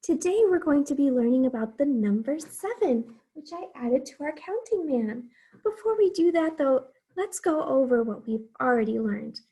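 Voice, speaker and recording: A woman's voice: sits high, animated, normal speed, warm tone. A young woman teaching a math lesson to small children, counting aloud in an encouraging, sing-song way.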